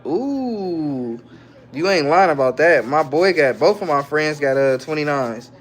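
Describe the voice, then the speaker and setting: Guy on a livestream reading chat and answering, kinda high voice, real laid back and slangy. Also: lively intonation, measured pace. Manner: loose, slangy, reads viewer comments aloud and answers them. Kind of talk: casual live-stream chat.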